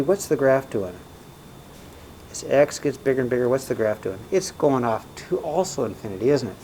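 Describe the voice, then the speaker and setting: A man's voice: medium pitch, animated, normal speed, warm tone, a little hiss or hum, low-quality recording. A man teaching a recorded math lesson in a casual way, often checking in with "right?" and "okay?".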